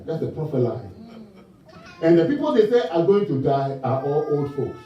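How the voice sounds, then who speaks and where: A man from Ghana preaching a sermon in an animated way, asking the congregation call-and-response questions and laughing along with his own stories. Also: on the high side, normal speed, a little hiss or hum. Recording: distant mic in a reverberant church hall, muffled.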